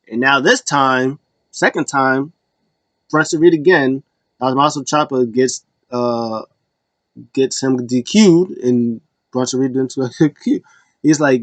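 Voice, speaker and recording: A man's voice: mid-range voice, no room sound, low-quality recording. A man hosting a casual solo recap, rambling with many fillers and acting out quotes in passing. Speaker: wrestling show recap host.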